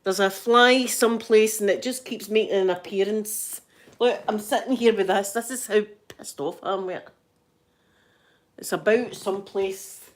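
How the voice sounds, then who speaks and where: A woman's voice: mid-range voice, normal speed. A middle-aged Scottish woman chatting casually on a live stream, greeting viewers by name and laughing often. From Scotland.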